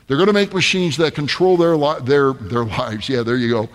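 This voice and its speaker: A man's voice: mid-range voice, steady tone, moderate pace. A man preaching at a rally, addressing his audience as folks in an emphatic, urgent manner. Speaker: pastor. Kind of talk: rally sermon. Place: large hall with audience. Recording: long hall reverb, faint music.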